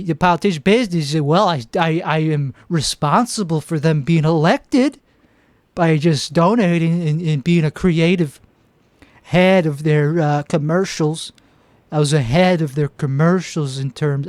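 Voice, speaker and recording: A high-voiced man, recorded dry on two microphones, hosts a comedy monologue in character as a pompous, clueless would-be politician. He rambles, brags, and trips over his own restarts.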